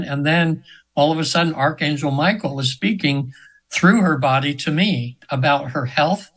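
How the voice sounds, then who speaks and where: A man's voice: fairly high pitch, a bit bright, rough recording. A man in his seventies, a hypnotherapist telling a story as a guest in an interview, earnest and rambling with many restarts. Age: 70s.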